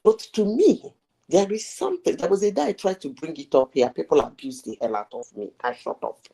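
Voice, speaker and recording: Emphatic gravelly woman host. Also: deep voice, lively intonation, fairly quick, dark tone, poor audio. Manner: emphatic, rhetorical questions. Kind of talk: live talk show discussion.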